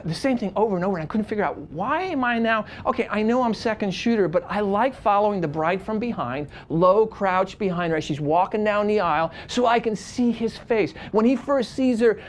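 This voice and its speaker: Teaching a seminar, a wedding photographer with a high male voice spins animated, conversational stories, often restarting sentences and swinging sharply between soft and loud. This lively storytelling lecture carries slight background noise.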